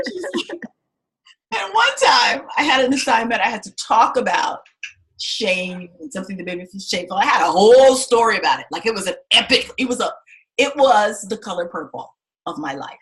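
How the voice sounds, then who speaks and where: Lively, bright-voiced woman writing coach. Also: medium pitch, brisk. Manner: expressive, swings loud and soft, acts out quotes. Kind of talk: animated storytelling to a class.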